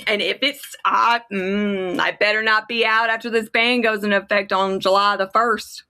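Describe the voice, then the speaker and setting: Lady on a stream going off, swearing a lot, bright voice. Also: medium pitch, fairly even intonation, normal speed, clean tone. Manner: angry, profane ranting. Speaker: kratom advocate on a livestream. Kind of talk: heated casual chat.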